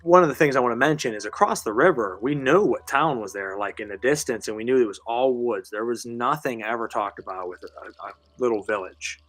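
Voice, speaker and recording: A man's voice: medium pitch, a little fast, few pauses, fairly bright tone, no echo, soft background music. A man hosting a live show, telling a story in a casual, rambling, conversational way with casual swearing. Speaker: host.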